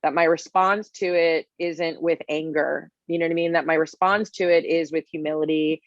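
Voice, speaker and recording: A woman's voice: deep voice, normal speed, no echo, muffled recording. A woman in her forties, a guest chef, telling stories in a casual interview with lots of fillers. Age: 40s. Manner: animated storytelling with many fillers.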